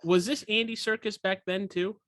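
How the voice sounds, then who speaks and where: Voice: mid-range voice, fairly even intonation, normal speed, a bit bright, dry recording. Joking, rambling podcast host, dry sound. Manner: rambling, self-correcting and jokey. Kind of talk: casual podcast chat.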